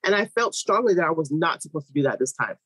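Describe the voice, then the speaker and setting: A woman in her thirties, a midwife, telling a long personal story in an interview with lively, animated delivery and quoted voices. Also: low-pitched, quick pace, slightly rough, no room sound, rough recording.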